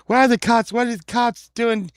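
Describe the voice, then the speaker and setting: A man's voice: very high voice, steady tone, moderate pace, clean tone, no room sound, clean studio sound, voice pushed up. A man playing an exasperated father who keeps repeating his angry questions.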